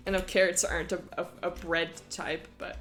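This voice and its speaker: A woman's voice: lowish voice, little pitch movement, normal speed, fairly bright tone, soft background music. A woman chatting casually with viewers on a live stream, playful and giggly.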